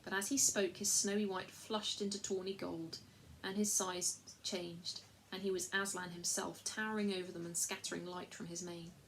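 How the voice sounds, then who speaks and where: A woman reading a children's storybook aloud at a measured, even pace. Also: on the low side, slight background noise. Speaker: reader.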